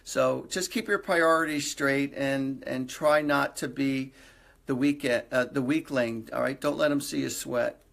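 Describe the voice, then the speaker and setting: Slightly slow and creaky, with a medium pitch, fairly even intonation and a fairly bright tone, this middle-aged psychic medium reads for viewers on a live stream. He's earnest and reassuring, often repeating himself and slipping in light jokes.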